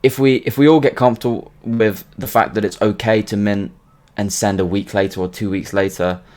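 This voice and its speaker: A man with a fairly low voice talks as a guest on a casual podcast. He speaks haltingly, restarting and repeating words as he explains his plans. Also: steady tone, darkish tone. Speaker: game creator guest.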